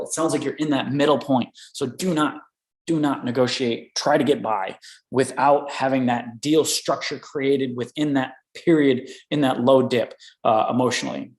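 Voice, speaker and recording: A man's voice: fairly high pitch, roomy sound, rough recording. A man coaching inventors on licensing deals in a live question-and-answer session, talking energetically and tagging "right?" onto his points. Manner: energetic, repeats "right?" often.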